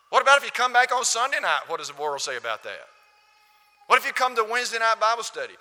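Preacher, male, emphatic and questioning, strained bright delivery, long church-hall echo. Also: sits high. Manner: emphatic, repeats rhetorical questions. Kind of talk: sermon.

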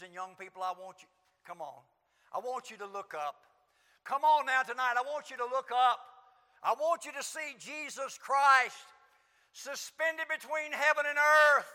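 A man preaching a sermon in an auditorium, impassioned, swinging from hushed lines to shouts. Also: very high-pitched. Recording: long hall reverb.

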